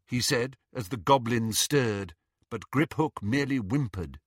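A man's voice: mid-range voice, a little slow, no room sound, studio quality. A man narrating a fantasy story aloud, reading dramatically and voicing the characters. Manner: animated, dramatic reading with voices. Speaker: audiobook narrator.

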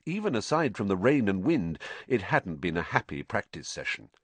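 Expressive man narrating an audiobook. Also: fairly low pitch, normal speed, breathy edge, no room sound. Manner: expressive storytelling. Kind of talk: scripted narration.

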